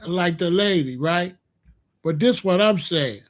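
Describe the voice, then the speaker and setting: Ranting vlogger, male, high voice, repeats himself, punches lines loudly. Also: unhurried. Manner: animated, with emphatic repetition and loud outbursts. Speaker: commentary vlogger. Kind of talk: casual ranting commentary.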